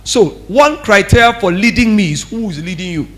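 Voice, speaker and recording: A man preaching a sermon as pastor, animated and acting out what people say. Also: sits high, a little fast. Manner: animated, acts out quoted speech.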